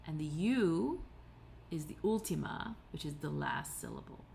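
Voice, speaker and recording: A woman delivers a recorded tutorial in a patient, explanatory way, pausing on fillers and correcting herself as she goes. Her voice sits fairly low with a gravelly edge, and a faint hiss of noise lies under the recording. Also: animated, darkish tone. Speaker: teacher.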